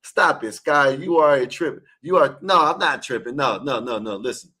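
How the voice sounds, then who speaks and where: A man calls into an online open panel for a heated, casual sports debate, arguing emphatically and repetitively while scolding his listeners. His voice is medium-pitched, bright, and forceful, at a moderate pace.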